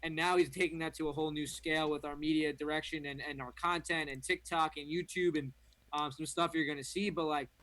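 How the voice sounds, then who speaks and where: A man's voice: a little high, steady tone, fairly quick, a bit bright. A young man, a company founder, talking in a casual and enthusiastic way as an interview guest. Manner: upbeat, enthusiastic, filler-heavy. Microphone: remote stream.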